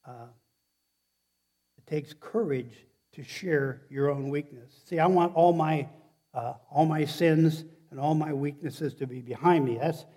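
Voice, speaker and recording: A man's voice: fairly high pitch, warm tone. A male preacher giving a sermon in a loose, conversational style. He often stops and restarts his sentences and turns to the congregation with questions. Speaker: pastor.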